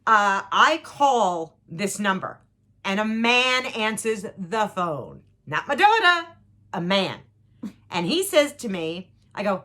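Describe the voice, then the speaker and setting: A woman's voice: medium pitch, sing-song, takes it slowly, bright, forceful tone. A middle-aged mother telling a story in a casual chat. She is emphatic, repeats herself, and speaks straight to the listeners.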